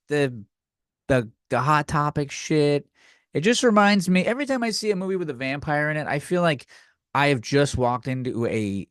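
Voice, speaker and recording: A man's voice: on the high side, dry recording, clean studio sound. A young man hosting a comedy podcast, ranting sarcastically and profanely on his own. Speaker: podcast host. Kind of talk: solo comedy rant.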